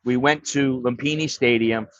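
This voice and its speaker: A man's voice: medium pitch, steady tone, normal speed, fairly bright tone, dry recording. A middle-aged American man telling stories on a livestream, blunt and profane, rambling and restarting his sentences. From United States. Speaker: livestream host. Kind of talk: casual livestream storytelling. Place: home livestream setup. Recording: dry, dull lo-fi stream audio.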